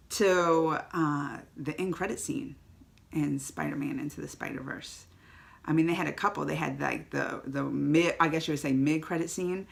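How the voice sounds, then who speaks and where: A woman giving a casual, emotional vlog movie review to the camera, chatty and quick to tear up or laugh. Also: deep voice, gravelly.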